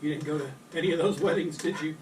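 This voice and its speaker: A woman's voice: deep voice, fast. A woman behind the camera making dry, brief remarks while someone cooks. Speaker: off-camera helper filming. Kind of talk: casual chat. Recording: distant camera mic, noisy kitchen.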